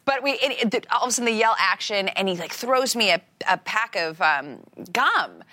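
A woman's voice: mid-range voice, normal speed, dry recording. A middle-aged woman from Iowa, an actress telling stories in a casual interview, full of fillers and restarts. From Iowa, USA. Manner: animated storyteller, many fillers and restarts. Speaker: actress guest.

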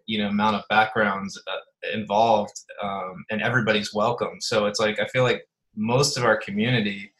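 Male guest, lowish voice, loose rambling speech full of restarts, calling in from an apartment. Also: bright, forceful tone, low-quality recording. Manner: rambling, many fillers and restarts, laid-back. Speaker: podcast guest. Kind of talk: casual conversation. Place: apartment at home.

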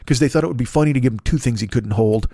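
A man's voice: mid-range voice, racing, dry recording, studio quality. A middle-aged man doing a profane, rambling comedic rant as a podcast host, acting out the people he quotes. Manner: profane, rambling, animated, acts out quoted voices.

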